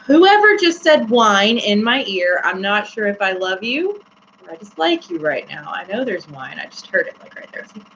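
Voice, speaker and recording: A woman's voice: mid-range voice, sing-song, normal speed, fairly bright tone. A woman hosting a casual live-stream tarot reading, chatty and giggly with many fillers. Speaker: host. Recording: slightly dull with faint hum.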